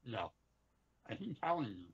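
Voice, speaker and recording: A man co-hosting a casual live stream, talking in halting bursts and repeating his words. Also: mid-range voice, sing-song, creaky, noisy background. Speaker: co-host. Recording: dull lo-fi sound.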